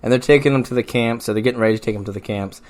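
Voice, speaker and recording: A man's voice: mid-range voice, racing. A man co-hosting a podcast, telling crude comic stories in casual chat and laughing often through them. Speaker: podcast co-host.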